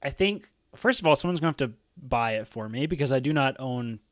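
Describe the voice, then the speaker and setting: A man's voice: mid-range voice, expressive, brisk, no room sound. A man from Georgia, US, co-hosting a podcast, talking casually and rambling with frequent laughs. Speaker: podcast co-host.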